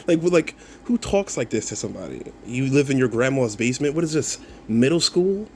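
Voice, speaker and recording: A man of middle pitch ranting back at online critics, scoffing, swearing and laughing at them as he goes. He talks loosely and circles back over his own words. A faint hum of noise sits behind him. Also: sing-song, normal speed. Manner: mocking, laughs often, swears, repeats himself. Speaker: content creator replying to comments. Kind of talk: casual video rant.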